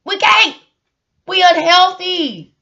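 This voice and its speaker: A woman's voice: very high voice, takes it slowly, creaky, sharp tone, dull audio. Earnest woman in an emotional vlog. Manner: emotional, earnest, repeats words, rhetorical questions. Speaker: single mother sharing her story. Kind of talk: personal vlog monologue.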